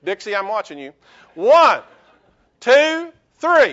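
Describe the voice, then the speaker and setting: A male pastor delivering a lively sermon in church, joking with the congregation and calling for amens. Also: sits high, unhurried, lo-fi sound.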